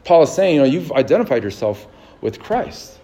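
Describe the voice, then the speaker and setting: A man's voice: medium pitch, sing-song, normal speed, mellow. A man in his thirties preaching a sermon in a casual, conversational way, telling stories and laughing easily. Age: 30s. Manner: casual, anecdotal, laughs easily, many restarts. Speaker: pastor.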